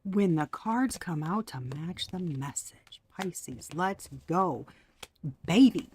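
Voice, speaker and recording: A woman's voice: on the low side, lively intonation, slow pace, darkish tone, slight background noise. A woman giving a casual tarot reading, chatty and profane, laughing often and sometimes dropping to a whisper. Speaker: tarot reader.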